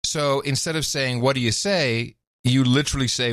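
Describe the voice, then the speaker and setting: A man's voice: medium pitch, expressive, brisk, a bit bright, dry recording. A man co-hosting a podcast, his voice swinging up and down as he talks. He grew up in Europe and keeps laughing through a playful, casual chat. The sound is dry and close. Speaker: podcast co-host.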